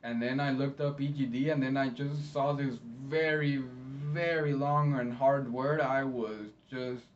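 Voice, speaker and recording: A man's voice: mid-range voice, fairly even intonation. Friendly man, distant lo-fi sound. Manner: friendly, encouraging, pauses often mid-sentence. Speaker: medical interpreter. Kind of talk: educational talk to camera. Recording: slightly distant, dull lo-fi sound, faint noise.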